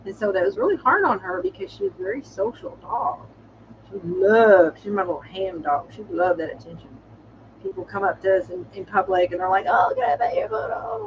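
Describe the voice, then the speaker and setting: A woman's voice: mid-range voice, a little hiss or hum. Woman w a cold rambling on her stream at home, lotsa ums, lo-fi sound. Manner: chatty, meandering, frequent fillers and restarts. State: has a cold. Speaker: livestream host. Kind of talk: casual rambling livestream chat. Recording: slightly dull lo-fi audio.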